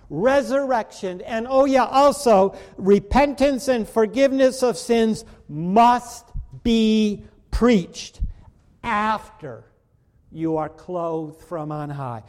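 A man preaching a sermon as pastor, slow and emphatic, with dramatic pauses. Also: high-pitched, darkish tone. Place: church sanctuary. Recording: long reverb of a church hall.

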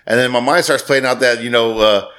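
A man's voice: medium pitch, a little fast, a crowd in the background. A man hosting a podcast, telling a story casually and swearing freely. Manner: swears freely, acts out quoted voices. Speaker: podcast host.

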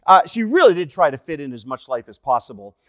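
Canadian evangelist, storytelling sermon, slightly high voice, dry close sound. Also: male voice, fast, no room sound. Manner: animated, acts out dialogue in the stories.

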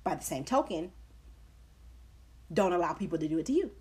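A woman's voice: fairly low pitch, very animated, a little fast, mellow. A woman hosting a solo podcast, talking emphatically and repeating her key points, now and then acting out other people's words in a changed voice. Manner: acts out quoted people in shifting voices. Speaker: podcast host. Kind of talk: casual solo podcast monologue.

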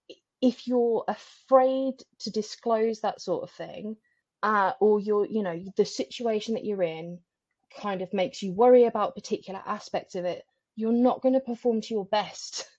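A woman speaking as a podcast guest in a candid, animated way, often laughing between phrases. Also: medium pitch, no echo. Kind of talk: candid conversational interview. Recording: dry, slightly dull lo-fi sound.

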